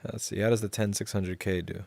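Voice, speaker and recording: A man's voice: lowish voice, flat delivery, brisk, vocal fry, a little mellow. A man chatting casually on a livestream in a rambling way, reading chat and cooing at his cat.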